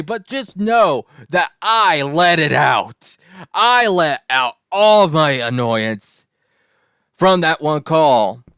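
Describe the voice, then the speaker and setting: A man's voice: a little high, fairly bright tone, clear, resonant tone, no echo, clean studio sound. A young man telling a rambling personal story over gameplay, often stopping to correct himself mid-sentence. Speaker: gaming channel host.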